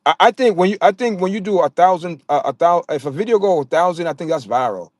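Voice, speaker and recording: Jamaican male livestream host, slightly high voice, dry close sound, talks to his chat with stumbling repeats. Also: lively intonation, fast, darkish tone, dry recording. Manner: talks straight to his chat viewers, stammers and repeats words.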